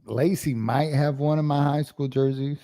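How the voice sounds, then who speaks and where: A man's voice: fairly high pitch, steady tone, moderate pace, dark tone, dry recording, studio quality. A man co-hosting a sports podcast, chatting casually and joking. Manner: joking, laughs often. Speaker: podcast co-host. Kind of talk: casual chat.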